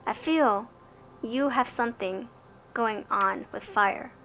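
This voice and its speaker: Young woman doing a chatty tarot reading, kinda high and bright, stammers a lot. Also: slow pace, slight background noise. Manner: chatty, rambling, stammers and restarts. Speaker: tarot card reader. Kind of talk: casual tarot reading to camera.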